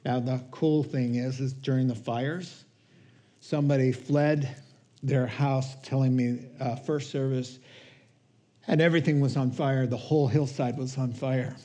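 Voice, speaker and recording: A man preaching a sermon as pastor, slow and conversational, chuckling between points. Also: medium pitch, steady tone, mellow.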